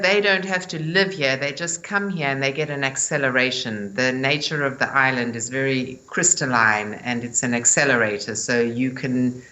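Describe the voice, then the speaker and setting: A woman with a light English-speaking South African accent, speaking in a measured, earnest way as a spiritual teacher being interviewed. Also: rumbling low, sharp tone, low-quality recording. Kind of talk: interview guest, spiritual talk.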